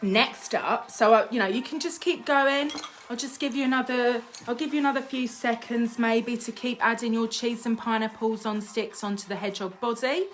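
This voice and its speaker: A woman's voice: a little high, fairly even intonation, moderate pace, faint music behind. A woman presenting a live-streamed craft tutorial, telling playful made-up facts, giggling and chatting with many fillers.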